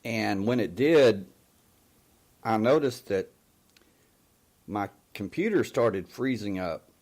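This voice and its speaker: A man telling a personal story in a casual, halting way on a live talk show, full of fillers and restarts. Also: on the low side, lively intonation, a little mellow.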